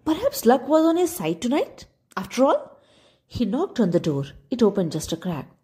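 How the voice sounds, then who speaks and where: A woman's voice: a little high, moderate pace. A woman reading a children's story aloud as storyteller, speaking to the kids. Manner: expressive, addressing kids.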